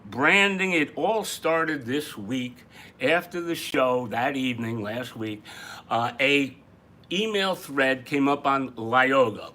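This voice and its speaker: A man hosting a casual live-stream show, talking in an excitable, rambling, joking way. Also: mid-range voice. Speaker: host.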